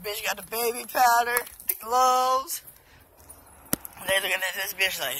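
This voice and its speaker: A tipsy woman vlogging on her phone while walking outdoors, loud and profane, laughing often. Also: a little high, measured pace, slight background noise. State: tipsy from drinking. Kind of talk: casual self-filmed vlog. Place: outdoors walking along a road.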